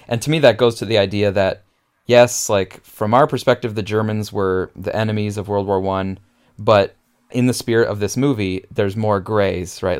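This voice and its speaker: Low smooth-voiced man discussing a film. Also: a little mellow. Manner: thoughtful, uses fillers like "like" and "you know". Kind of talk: casual discussion.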